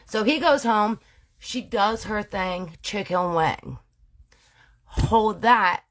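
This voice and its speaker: Woman from Canada, storyteller host, casual true-crime tale, slangy, playful, self-correcting, mid pitch. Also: slow, a bit bright.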